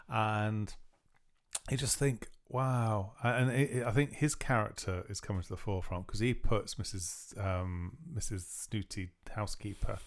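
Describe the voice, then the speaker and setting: A man with a lowish voice hosts a podcast in loose, casual chat. He rambles and keeps circling back with fillers. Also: slight background noise. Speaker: podcast host.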